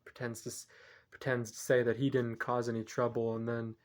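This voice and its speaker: A man's voice: medium pitch, flat delivery, fairly quick. A man reviewing a film, retelling its plot casually in a rambling way and often correcting himself. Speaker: movie reviewer.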